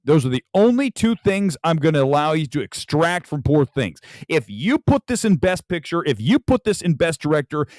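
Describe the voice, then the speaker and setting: A man's voice: a little high, no echo. A man hosting a live late-night movie talk show from home, ranting furiously and emphatically. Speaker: film critic host.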